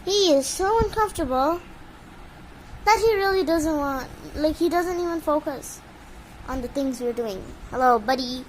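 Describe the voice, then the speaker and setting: Filming her bird on a handheld phone indoors with a fan going, a woman coos and scolds it in baby talk for a casual vlog. Her high voice is animated and moves at a moderate pace. The low-quality recording has slight background noise.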